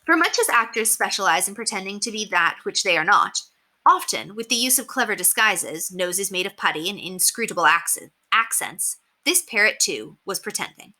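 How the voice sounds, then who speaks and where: Bright, lively woman reader, expressive storybook read-aloud. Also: mid-range voice, moderate pace. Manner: expressive, animated.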